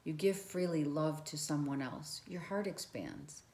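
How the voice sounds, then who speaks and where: Woman, motivational advice vlog, earnest, repeats herself, speaks to the viewer, slow, echoey room. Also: low-pitched, darkish tone. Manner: earnest, repeats phrases, addresses viewer directly. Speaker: relationship advice vlogger. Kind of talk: motivational talk to camera.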